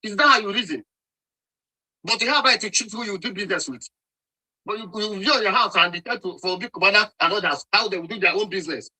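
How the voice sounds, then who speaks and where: A Nigerian man arguing hard in a live online debate, his voice high and very bright and forceful. He scolds, repeats his points and keeps talking over anyone who cuts in. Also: fast, husky, low-quality recording. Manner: scolding, repetitive, talks over interruptions. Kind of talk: heated argument.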